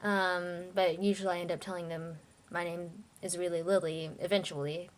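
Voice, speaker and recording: A woman's voice: fairly low pitch, little pitch movement, moderate pace. A young woman from China, talking casually and reading out a word list for her vlog, hesitant with many fillers.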